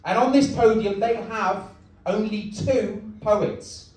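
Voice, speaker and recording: A young stand-up comedian, deadpan and self-mocking, with a fairly high voice. He is heard from a distance in a very echoey comedy club. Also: takes it slowly.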